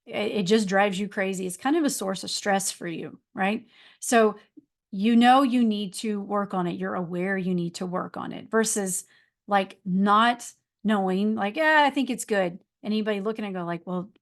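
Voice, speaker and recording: A woman's voice: medium pitch, steady tone, moderate pace. A middle-aged woman, hosting a motivational podcast and talking in an earnest, repetitive, encouraging way. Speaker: podcast host and life coach.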